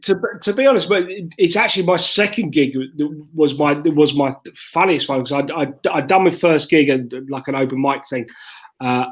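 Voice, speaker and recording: A man, a stand-up comedian chatting casually, halting and repeating words as he goes. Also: fairly high pitch. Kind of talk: casual storytelling chat.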